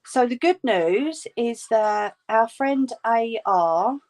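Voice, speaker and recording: A woman chatting at an unhurried pace while she crochets at home, warm and reassuring with her viewers. Her voice sits at an ordinary middle pitch, easygoing and homely. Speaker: crafting livestream host. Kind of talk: casual chat while crocheting, answering viewers' comments.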